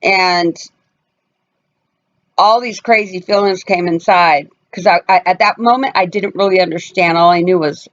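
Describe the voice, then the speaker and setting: A woman's voice: fairly low pitch, normal speed, lo-fi sound. A woman vlogger telling a personal story to her viewers in a casual, emphatic way, stressing her points and acting out what others said. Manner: emphatic, animated, acts out voices in quotes. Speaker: family vlogger.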